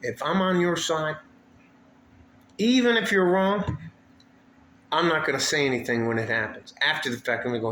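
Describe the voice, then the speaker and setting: A man's voice: a little high, normal speed, pauses often, fairly bright tone. Profane, fed-up man venting in echoey room. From West Texas. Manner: profane, heated, repetitive. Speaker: vlogger. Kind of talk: angry venting monologue. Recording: echoey room with faint ambient noise.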